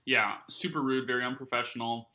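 Bright-voiced joking male podcast host. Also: mid-range voice, a little slow, poor audio. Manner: joking, rambling, many fillers. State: talking while eating. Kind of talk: casual podcast banter.

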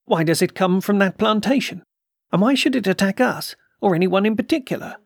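A man reading as an agitated older army colonel in a storybook recording, his voice lifted well above the narration and gravelly at the edges. He blurts out questions one after another. The sound is dry and close. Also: high voice, animated, brisk, no room sound, voice pushed up, full character voice. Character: excitable blustering older male army colonel. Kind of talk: audiobook character reading.

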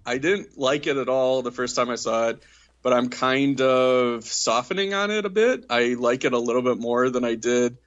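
A man co-hosting a podcast in casual chat, rambling with many fillers and quick giggles. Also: mid-range voice, muffled recording. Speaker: podcast co-host.

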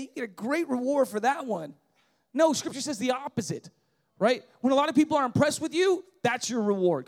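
A man with a strikingly high-pitched voice delivers a sermon as the congregation's pastor. He preaches with raw intensity and often rises to a shout. He keeps checking in with his listeners through quick "right?" asides. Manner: impassioned, often shouting, with frequent "right?" tags.

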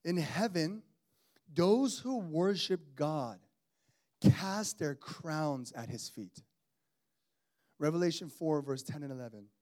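Guy in his 30s preaching, fairly high voice, lively and chatty, keeps calling out to the crowd. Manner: animated, conversational preaching with call-outs to the congregation. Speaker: pastor. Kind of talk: sermon.

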